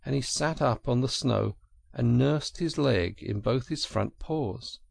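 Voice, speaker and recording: A man narrating a classic storybook in an expressive, animated reading. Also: mid-range voice, measured pace, vocal fry, no room sound. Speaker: audiobook narrator.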